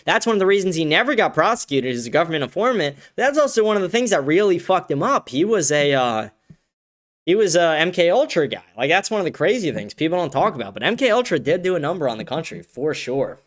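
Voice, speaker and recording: A man's voice: a little high, sing-song, quick pace. A young man hosting a casual livestream, reading chat aloud and rambling in a profane, laugh-filled way with lots of filler words.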